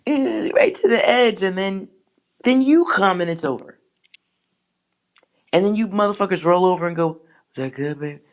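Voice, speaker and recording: A woman's voice: mid-range voice, expressive, moderate pace, pauses often. A woman hosting a tarot livestream, chatting with viewers in brash, profane, joking rants. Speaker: tarot reader and livestream host. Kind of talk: casual livestream chat with viewers.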